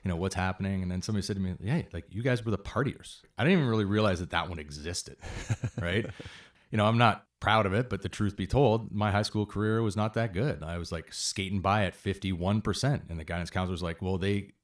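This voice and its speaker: A man's voice: sits low, fast, no room sound, clean studio sound. A Canadian man in his forties, a fire captain and paramedic, telling stories in a casual interview and jumping into quoted voices. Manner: animated, jumps into quoted voices.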